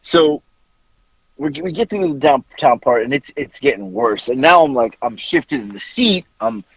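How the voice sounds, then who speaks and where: A man's voice: mid-range voice, lively intonation, moderate pace, fairly bright tone, breathy edge, dry recording, dull audio. A man in his forties telling a long, profane story in a rambling, casual way on a podcast. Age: 40s. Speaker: podcast co-host.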